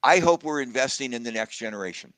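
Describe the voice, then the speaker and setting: A man's voice: medium pitch, expressive, quick pace, smooth, no echo. Reflective man telling a personal story. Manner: warm reflective storytelling, gets emotional. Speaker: guest speaker. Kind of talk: casual conversation on a video call.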